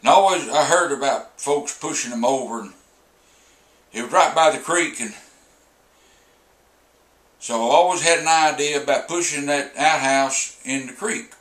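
A man in his seventies with a Southern American drawl tells a homespun funny story, unhurried and full of pauses. His voice is bright and a little sharp. The room around him gives it a clear echo. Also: medium pitch. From Southern United States. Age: 70s. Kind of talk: folksy humorous storytelling.

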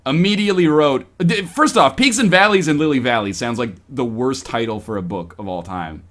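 A man's voice: medium pitch, expressive, fairly quick, a bit bright. A man hosting a casual podcast, reading a choose-your-own-adventure story aloud to friends in a playful, mock-dramatic way. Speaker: podcast host.

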